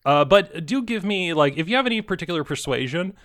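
A man narrating a tabletop horror game as game master, halting with many pauses and restarts. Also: high-pitched, expressive, a bit bright.

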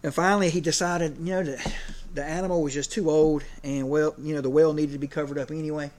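A man's voice: fairly high pitch, fairly even intonation, fast, darkish tone. Conversational male preacher, full of fillers. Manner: conversational, many fillers, gets emotional. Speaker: preacher and PE teacher. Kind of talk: sermon.

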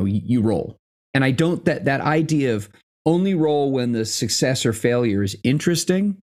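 A man chatting casually about tabletop games, thinking aloud, pausing and restarting his sentences. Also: medium pitch, a little mellow. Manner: thoughtful, hesitant, many fillers and restarts.

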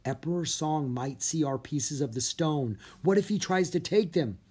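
Eager boy dragon rider, voiced by the narrator; earnest, lively, raised pitch. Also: normal speed, breathy edge.

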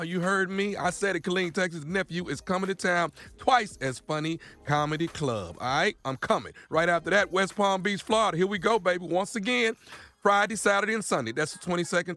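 A man's voice: sits high, fairly quick, pushed and bright, faint music behind. A man, a comedian on a radio show, bantering and hyping his upcoming tour dates. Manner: hyped, playful self-promotion.

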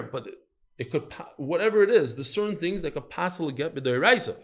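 Animated man teaching a Talmud class. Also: on the high side, a little fast. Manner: animated, storytelling, quizzes the listeners.

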